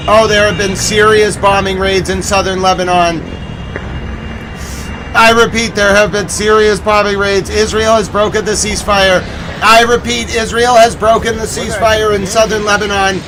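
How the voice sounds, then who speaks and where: A man's voice: sits high, little pitch movement, moderate pace, background noise. A man hosting a live news recap stream, urgently repeating breaking updates and exclaiming in alarm.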